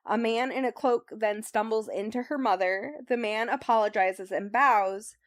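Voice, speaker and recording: A woman's voice: on the high side, moderate pace, dry recording, studio quality. A young woman casually summarizing a novel on a podcast, rambling with lots of likes and ums. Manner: rambling, filler-heavy, says "like" and "um" often. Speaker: book club host recapping the book.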